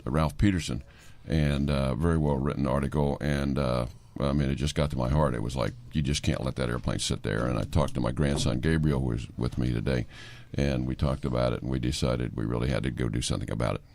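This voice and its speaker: A man's voice: rumbling low, fairly even intonation, fairly quick, vocal fry, few pauses, darkish tone. An older man interviewed on a radio show, speaking earnestly and thoughtfully about a project he cares about. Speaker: aviation company CEO guest.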